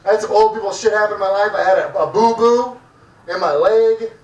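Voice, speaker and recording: A man's voice: high voice, a little fast, darkish tone, muffled recording. A man hosting a stand-up comedy night, crude and rambling, joking with the crowd in the back room of a restaurant. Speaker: comedy show host. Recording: echoey room, mic heard from far off.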